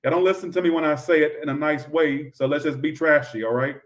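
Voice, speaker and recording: A man doing a live tarot reading, blunt and profane, breaking into loud outbursts now and then. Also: fairly high pitch, fast, distant mic. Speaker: tarot reader.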